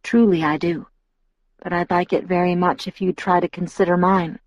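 A woman reading an audiobook, voicing an old-fashioned, earnest young male vampire in a gentle, formal, measured way. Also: on the low side, level tone, dry recording, natural voice. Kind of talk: audiobook character voice. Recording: dull lo-fi audiobook recording.

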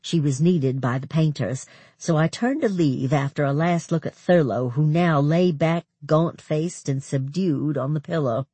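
Audiobook narrator: expressive first-person reading, husky, animated pitch, dry booth sound. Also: a little slow, dry recording. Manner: expressive, storytelling.

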